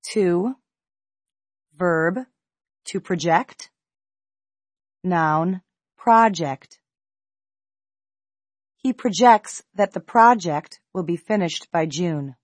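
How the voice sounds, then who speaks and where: A woman slowly reading a scripted pronunciation lesson, enunciating each word with deliberate care. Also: lowish voice, dry recording. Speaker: pronunciation teacher. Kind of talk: slow scripted pronunciation drill.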